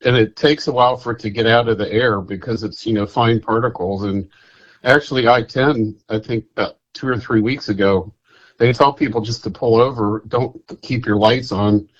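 A man calling in to a radio show, talking in a halting, folksy way and repeating himself. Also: fairly low pitch, fairly even intonation, dull audio. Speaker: caller. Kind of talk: casual call-in chat.

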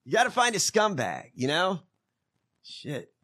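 A man with a high, bright, sharp voice riffs sarcastically. He swears freely and his pitch jumps all over the place as he jokes. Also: wildly swooping pitch, unhurried, husky. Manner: sarcastic, profane, joking. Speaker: podcast co-host. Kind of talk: casual reaction chat.

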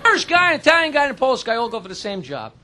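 A man tells rapid-fire crude jokes on a comedy club stage. His voice sits very high and sounds bright and sharp, and it bounces around a lot. The live recording carries faint crowd noise and hiss. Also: huge pitch swings. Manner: rapid-fire crude one-liners, acts out characters. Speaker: stand-up comedian. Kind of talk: stand-up joke telling.

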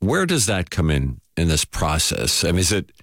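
Deep-voiced male interviewer, halting. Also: huge pitch swings, no echo, clean studio sound. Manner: halting, restarts as he searches for a question. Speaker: interview host. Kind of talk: interviewer asking questions.

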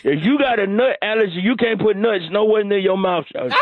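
A man's voice: high-pitched, a little fast, no echo, natural voice. A man playing a boastful, rambling caller who makes excuses and stumbles through restarts in streetwise slang, on a comedy radio bit. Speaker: phone-in caller on a morning radio show. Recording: tinny dry phone line.

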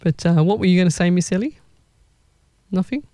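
A woman's voice: fairly low pitch, brisk, warm tone, no echo. A woman, a psychic medium giving readings in a casual live chat, rambling and laughing often.

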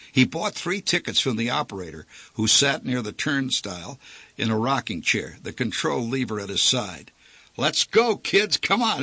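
A man reading a story aloud with theatrical flair, his voice rising and falling in big sweeps. The tone is bright with a breathy, husky grain, set close and dry against a quiet background. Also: medium pitch, dry recording. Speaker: narrator.

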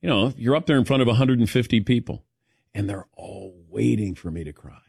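A man's voice: on the low side, a little fast, creaky, breathy edge, no echo, clean studio sound. A man hosting a casual radio talk show, calling on his co-hosts and acting out quoted voices. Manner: animated, acts out quoted voices. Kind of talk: casual studio chat.

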